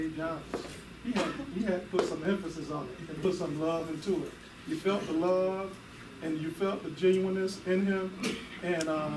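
A man giving a eulogy for his cousin, gentle and halting, pausing often. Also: on the high side. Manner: gentle, halting with many pauses. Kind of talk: memorial speech. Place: memorial service hall. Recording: echoey hall, distant mic, noisy.

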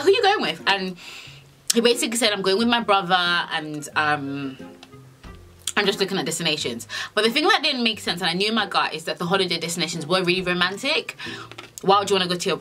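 A young woman tells a storytime in an animated, sassy way, and her pitch swings widely as she acts out both sides of the conversation. Her tone is bright and forward. Faint music plays under her voice. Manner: animated and sassy, heavy swearing, acts out dialogue. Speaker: vlogger. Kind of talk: storytime vlog.

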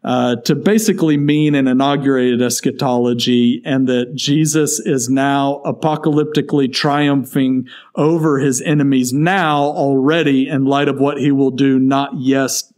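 A man's voice: mid-range voice, fairly even intonation, a little slow, a little mellow. A man co-hosting a podcast, explaining academic theology in casual talk with frequent fillers and restarts. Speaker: podcast co-host.

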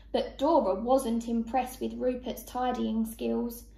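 A woman teacher reading a picture book aloud to young children, slow and expressive. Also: fairly high pitch, creaky, reverberant.

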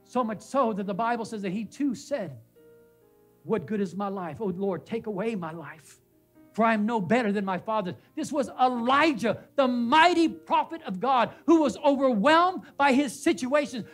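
A man's voice: very high-pitched, fairly bright tone. A male pastor preaching a sermon in a church. He repeats names and phrases for emphasis and puts questions to the congregation. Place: church sanctuary.

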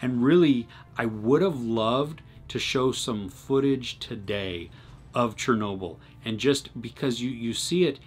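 A man's voice: mid-range voice, unhurried, soft background music. A man hosting his own review channel, talking through a series in a conversational, earnest way with frequent restarts. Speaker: movie reviewer and channel host. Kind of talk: casual solo video review.

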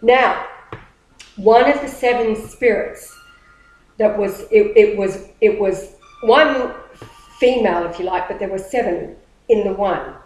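A woman's voice: mid-range voice, unhurried, long pauses, darkish tone. A woman with a mid-range voice tells a story in a loose, conversational way. She rambles with animation and often restarts sentences. The recording has a roomy echo. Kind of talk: casual storytelling talk.

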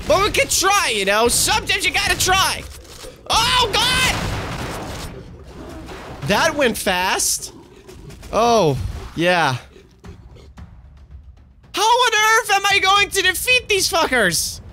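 A young man commentating gameplay, excitable, cursing freely and swinging between shouts and mutters. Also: very high-pitched, slow, long pauses, soft background music. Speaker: gaming YouTuber.

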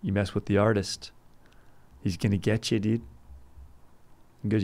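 A young man hosting a comedic history podcast in a loose, rowdy, jokey way with sudden shouted bursts. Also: on the low side, flat delivery, unhurried, pauses often. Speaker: podcast host.

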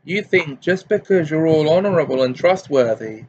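A man reading aloud and voicing a blunt, excitable teenage boy wizard. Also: a little high, moderate pace, highs cut off, slight background noise, pitched above the performer's own voice, lightly acted.

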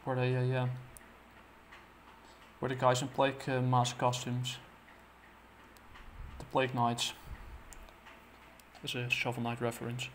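A man casually recapping a comic book plot, halting and full of fillers and restarts. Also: medium pitch, monotone, a little hiss or hum.

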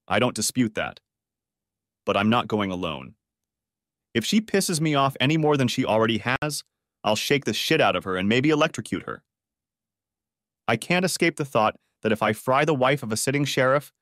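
A man voicing a calm, firm male deputy sheriff in a storybook reading. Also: mid-range voice, dry recording, studio quality, close to an everyday voice. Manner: measured, firm.

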